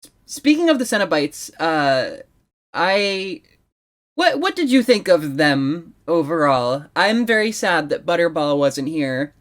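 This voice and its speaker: A woman's voice: sits low, very animated, measured pace. A woman co-hosting a film podcast, speaking casually with hesitant, hedging phrasing that trails off.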